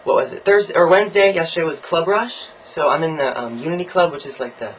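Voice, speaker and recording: A young man recording a casual video diary, ranting about college in a campy, sarcastic and profane way, swinging his pitch and volume up and down as he jokes. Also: fast talker, a little hiss or hum, rough recording. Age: young adult. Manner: sarcastic, jokey asides. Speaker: college student vlogger.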